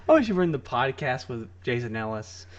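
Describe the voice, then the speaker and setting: A man's voice: medium pitch, very animated, normal speed, highs cut off. A man hosting a podcast in casual chat, teasing his co-host and cutting in with questions.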